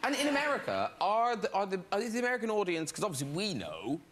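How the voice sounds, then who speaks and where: A man hosting a chat show, teasing his guests with quick interjections. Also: high-pitched, huge pitch swings. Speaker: talk show host. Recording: loud studio audience and noise.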